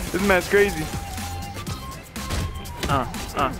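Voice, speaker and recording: Excitable cursing young man gaming. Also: on the high side, unhurried, long pauses. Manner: excitable, profane outbursts and yelling at the game. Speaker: gaming YouTuber. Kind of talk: casual gameplay commentary. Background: game music.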